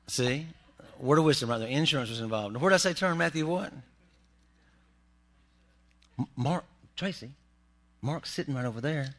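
A man's voice: mid-range voice, normal speed, long pauses, fairly bright tone. A man preaching a humorous sermon in a church, with joking asides to the congregation. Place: church sanctuary.

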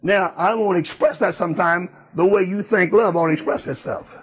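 A man's voice: high voice, moderate pace, husky. A man preaching a sermon, emphatic and repetitive in a folksy way.

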